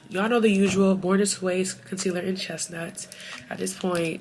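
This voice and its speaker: A woman's voice: medium pitch, normal speed, faint music behind. Chatty woman vlogging her makeup routine. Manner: chatty, animated, sassy exclamations. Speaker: beauty vlogger. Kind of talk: chatty get-ready-with-me talk.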